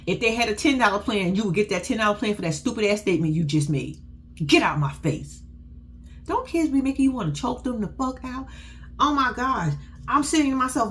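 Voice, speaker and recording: A woman's voice: medium pitch, expressive, normal speed, a little hiss or hum. A woman giving casual, blunt, profane commentary on a reality show, laughing often as she tells the story. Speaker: reality TV recap host.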